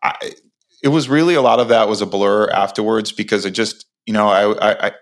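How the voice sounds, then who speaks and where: A man in his forties, a podcast guest, telling an animated story with many restarts and acted-out lines. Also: on the low side, brisk. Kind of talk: casual storytelling interview.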